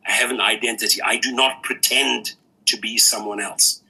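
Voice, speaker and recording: Man in a played clip, mocking and sarcastic; husky, sharp tone. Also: lowish voice, steady tone, moderate pace, rough recording. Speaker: critic in a played video. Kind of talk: mocking commentary video.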